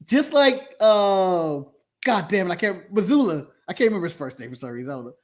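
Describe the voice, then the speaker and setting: A man hosting a livestream, chatting casually about wrestling with animated, sarcastic remarks and casual swearing. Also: high voice, brisk. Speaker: podcast host.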